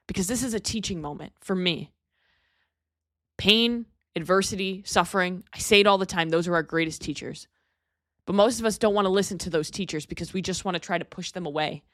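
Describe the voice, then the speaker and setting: A woman's voice: on the low side, fairly quick, a bit bright, no echo, clean studio sound. A young adult woman hosting a podcast, giving a candid, earnest motivational monologue and swearing casually. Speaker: podcast host.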